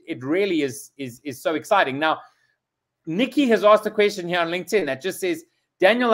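A male host of a live interview who speaks haltingly, with many restarts, and enthusiastically. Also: fairly high pitch.

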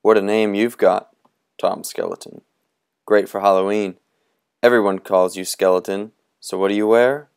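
A man reading a gleeful boy in a skeleton costume, playfully amused with himself. The voice stays deep and smooth, barely lifted from the reader's own. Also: steady tone, moderate pace, darkish tone, dry recording, studio quality.

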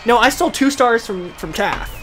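A woman's voice: fairly high pitch, expressive, normal speed, a crowd in the background. A woman hosting casual gameplay commentary, jokey and self-mocking as she chats with a friend. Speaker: gaming channel host.

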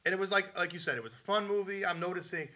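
Fast-talking excitable man. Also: sits high. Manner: fast, excitable, talks over others. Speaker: co-host. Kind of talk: casual film review chat.

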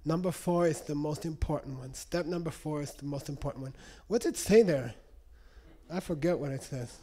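A man's voice: on the high side, normal speed, mellow. A man giving a live lecture to an audience, teaching in a conversational way and checking in often with "okay?". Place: lecture room.

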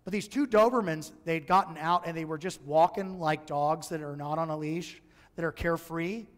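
A man with a high voice preaches in a casual, joking way, with a lilt. His voice rings out in a church sanctuary, with a long reverb trailing each line of the live stream. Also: normal speed. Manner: conversational and humorous, acts out voices in his stories. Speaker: pastor. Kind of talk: sermon.

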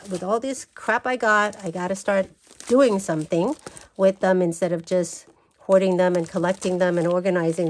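A woman's voice: medium pitch, darkish tone, a little hiss or hum. A woman vlogger gushing and exclaiming as she unboxes and flips through craft paper. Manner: gushing, exclaims over everything. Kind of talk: casual unboxing chat.

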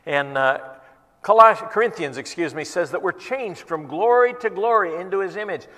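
A man's voice: high-pitched, lively intonation, moderate pace, pushed and bright. A male pastor preaching at a church worship service in an earnest, conversational storytelling manner. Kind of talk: sermon. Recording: long reverb in a church hall.

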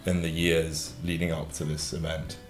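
A man's voice: rumbling low, monotone, moderate pace. A young man in his thirties, comically grilling his father in a dry, probing way. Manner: dry, probing, mock-interrogating. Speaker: host. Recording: roomy with faint music.

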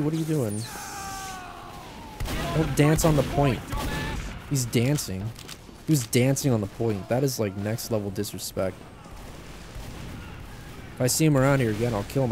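A man giving casual gameplay commentary as a YouTuber, rambling in a joking, self-deprecating way. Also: medium pitch. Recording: game gunfire and noise over the voice.

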